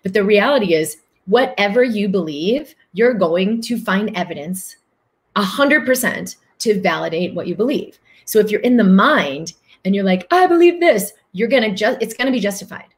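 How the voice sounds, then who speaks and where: A woman's mid-range, animated voice moves at a normal speed as she hosts a livestream, replying to viewer comments in her role as a spiritual coach. Earnest and emphatic, she repeats phrases and acts out the voices of people she quotes.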